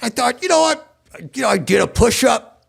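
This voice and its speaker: Man doing a goblin guy, high and gravelly, husky, lively swoops, rambling podcast guest. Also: moderate pace, full character voice. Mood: storytelling. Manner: rambling, excitable storyteller. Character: cheerful self-pitying adult male goblin. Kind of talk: comedic character chat.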